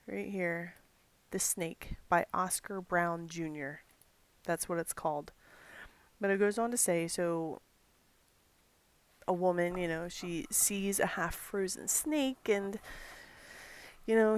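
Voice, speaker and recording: A woman's voice: fairly low pitch, no echo. A woman giving earnest Christian commentary in a vlog, thinking aloud with fillers.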